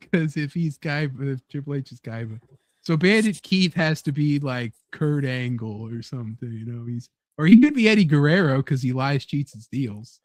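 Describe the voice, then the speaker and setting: A man's voice: medium pitch, lively intonation, moderate pace, dry recording. A young man hosting a casual podcast chat, joking around and laughing often. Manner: joking, laughs often, puts on silly voices. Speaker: podcast host.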